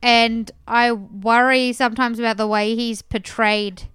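A woman, co-hosting a podcast in relaxed casual chat, often saying "I reckon" and "like". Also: on the high side, unhurried, clear, resonant tone, no echo, clean studio sound. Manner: relaxed, uses "I reckon" and "like" a lot. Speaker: podcast co-host.

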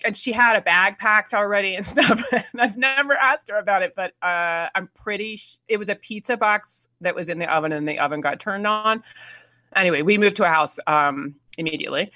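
Woman, 40s, animated storyteller, bright voice, dry recording. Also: mid-range voice, no echo. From United States. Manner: animated storyteller, halting restarts and frequent laughs. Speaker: actor guest. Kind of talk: casual conversation.

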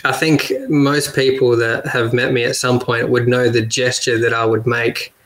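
A man with an Australian accent, a guest kart driver talking casually on a podcast, relaxed and quick to laugh. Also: medium pitch, rough recording. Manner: relaxed, laughs often, repeats words.

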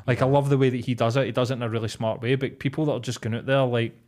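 Scottish male co-host, offhand and sweary, trails off and restarts, mid-pitched voice. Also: little pitch movement, racing, darkish tone. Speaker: podcast co-host. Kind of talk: casual comedy podcast chat.

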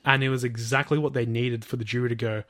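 A man's voice: mid-range voice, flat delivery, fast, a bit bright, no echo. Rambling man telling a story, dry sound. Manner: rambling, lots of fillers, swearing, acts out quotes. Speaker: podcast co-host. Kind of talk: casual storytelling chat.

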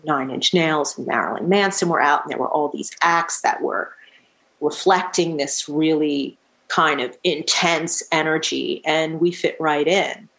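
A middle-aged woman musician, a guest telling stories in a casual interview, animated and laughing often as she acts out what people said. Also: low voice, unhurried, vocal fry.

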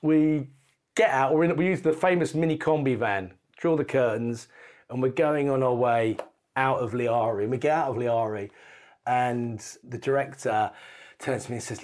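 A middle-aged man tells a gripping story with energy and laughter, his voice sitting at an ordinary pitch. He talks like a guest unwinding in conversation, dropping the odd swear word. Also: normal speed. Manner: lively, laughing, swears casually. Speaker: podcast guest. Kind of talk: anecdotal storytelling.

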